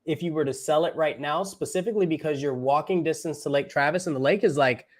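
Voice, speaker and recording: A man co-hosting a casual real estate chat, explaining practical points in a measured, advisory way. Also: a little high. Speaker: co-host.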